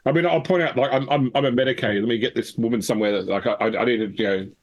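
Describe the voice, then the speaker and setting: A man's voice: medium pitch, very fast, dull audio. A man playing a tabletop role-playing game, stammering and restarting as he talks. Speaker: player. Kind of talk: casual tabletop game chat.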